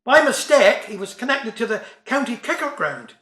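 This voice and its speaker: A man's voice: very high-pitched, very animated, moderate pace, bright, forceful tone, echoey room. A man reciting comic verse and jokes in broad dialect with a wry delivery. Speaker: storyteller.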